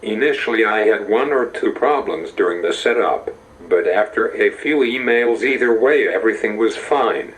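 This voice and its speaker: This is a synthetic computer voice for a man, set to an American accent and reading at a slow, steady pace. The pitch sits a little low, and the delivery stays even and measured from phrase to phrase. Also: rough recording. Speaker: narrator. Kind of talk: text-to-speech narration.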